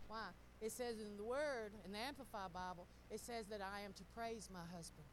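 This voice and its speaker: A middle-aged woman, telling stories in a casual sermon, animated and laughing often as she talks to the congregation. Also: medium pitch, brisk, a little hiss or hum, low-quality recording. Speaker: pastor's wife.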